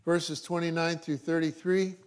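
A man's voice: a little high, level tone, normal speed, clean tone. A middle-aged male pastor preaching a sermon, reading scripture and adding dry joking asides.

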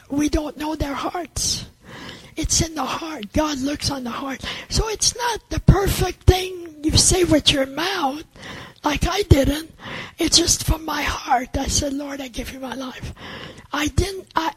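An older woman telling a personal faith testimony in a halting, earnest way, with many restarts. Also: high-pitched, dry recording, low-quality recording. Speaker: testimony speaker.

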